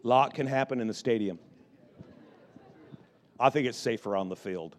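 A male pastor telling a story in his sermon. He is animated and often repeats words and restarts his sentences. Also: mid-range voice, normal speed.

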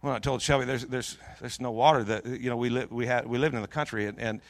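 A middle-aged man preaching in a church, telling a long personal story in a jokey, lively way with many restarts. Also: medium pitch, fast, no room sound. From Pacific Northwest of the US. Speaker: pastor. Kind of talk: storytelling sermon.

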